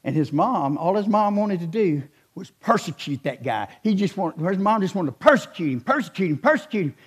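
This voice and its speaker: A man's voice: high voice, fairly quick, husky. A man, an assistant pastor preaching a sermon in a church, telling stories and building to emphatic questions. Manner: storytelling, animated, rising to emphatic questions.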